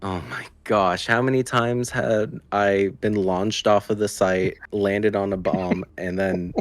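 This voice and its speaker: Man, slow low voice, dry close sound, casual co-host chat. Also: fairly even intonation, no echo. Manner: easygoing, giggles often. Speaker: podcast co-host.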